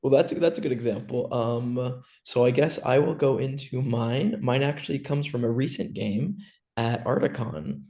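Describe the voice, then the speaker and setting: A man hosting a casual podcast chat, telling a story with lively back-and-forth as he acts out both sides of the talk. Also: mid-range voice, moderate pace.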